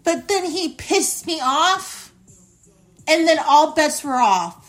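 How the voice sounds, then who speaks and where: A young woman with a bright, ringing voice that sits a little high, telling a story on her podcast. She talks bluntly and indignantly and swears freely. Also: lively intonation, slow pace, soft background music. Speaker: podcast host.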